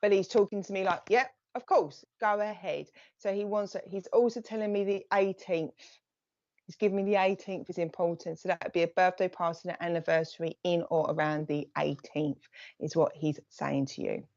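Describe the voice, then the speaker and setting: A woman giving live psychic readings, chatting in quick bursts and thanking viewers by name as she relays messages. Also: fairly low pitch, little pitch movement, darkish tone, no echo, muffled recording.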